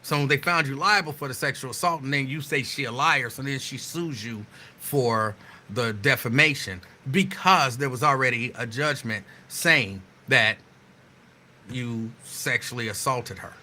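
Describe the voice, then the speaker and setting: A man hosting a talk show, delivering a sarcastic, animated monologue that riffs on the news. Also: medium pitch, a little slow, a little hiss or hum. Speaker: show host.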